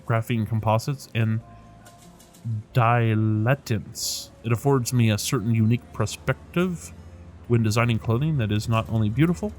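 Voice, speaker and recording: A man's voice: mid-range voice, close to an everyday voice. A man voicing a polite, formal male tailor and material scientist in a video game, speaking like a salesman. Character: courteous male master tailor, scholarly.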